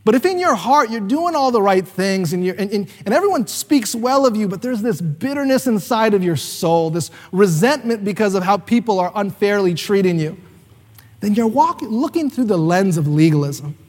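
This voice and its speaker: High-pitched guy preaching, chatty story style with lots of uhs, echoey church hall. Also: expressive, normal speed. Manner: conversational storytelling with fillers and voiced quotes. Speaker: pastor. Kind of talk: sermon with personal story.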